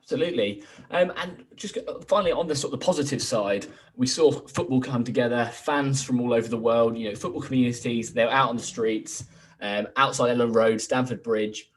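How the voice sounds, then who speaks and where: A young man from England hosting a talk show in an upbeat, chatty way. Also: medium pitch. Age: young adult. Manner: quick, upbeat, chatty with fillers. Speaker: host.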